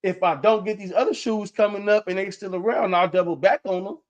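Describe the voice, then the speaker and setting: High-voiced man rambling on a livestream. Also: fairly even intonation, brisk, dull audio. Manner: loose, rambling street talk with lots of "man" and "y'all". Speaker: livestream host. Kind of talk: casual livestream talk.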